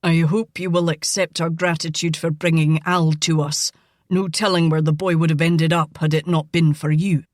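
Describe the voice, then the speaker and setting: A woman voicing a stern, blustering older father, lowering her voice to sound gruff and terse. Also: level tone, normal speed, no echo, clean studio sound, natural voice. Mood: flustered.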